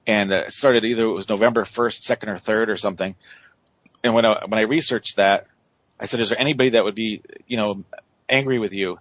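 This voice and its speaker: Guy guest on radio, low voice, lots of ums and restarts, dull lo-fi sound. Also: a little fast, a bit bright, no echo. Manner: rambling, many fillers and restarts. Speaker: paranormal investigator guest. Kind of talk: casual storytelling on radio.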